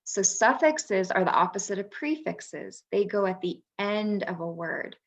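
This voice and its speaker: Slow-paced woman teaching parents. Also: mid-range voice, expressive. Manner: patient, many "um" pauses. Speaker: parent workshop presenter, former teacher. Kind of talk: explanatory presentation.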